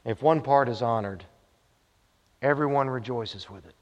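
A male pastor uses storytelling and short, repeated refrains for emphasis in his sermon. He speaks in a mid-range voice at a moderate pace, and the recording sounds dull with a long reverb from the hall.

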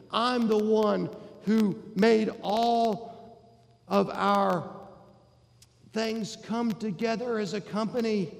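Preacher acting as an aggrieved older son, raised gravelly voice, long reverb. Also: male voice, on the high side. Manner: bitter, aggrieved complaining that builds to indignation. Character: resentful dutiful older brother, grown man.

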